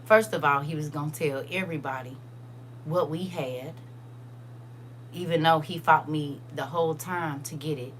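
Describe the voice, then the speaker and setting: Woman livestream host, casual storytelling, animated and blunt delivery. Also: low-pitched, moderate pace, slight background noise. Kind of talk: casual storytelling to a live chat.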